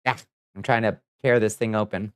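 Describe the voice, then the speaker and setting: A man's voice: lowish voice, fairly even intonation, normal speed, clear, resonant tone, no room sound, studio quality. A man streaming casually, playful and theatrical as he chats with viewers while mixing ingredients. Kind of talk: casual livestream chat.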